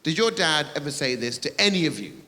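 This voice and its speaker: On a theatre stage, a middle-aged man performs stand-up comedy in a playful, mocking way. His voice is fairly high, sing-song, sharp in tone and a little fast. The echoey hall carries crowd noise and audience laughter.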